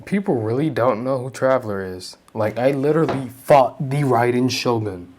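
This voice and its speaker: A man's voice: mid-range voice, moderate pace, a little mellow, slight background noise. Joking gamer man reacting casually. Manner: joking, slangy. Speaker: gamer commentating a playthrough. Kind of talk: casual let's-play reactions.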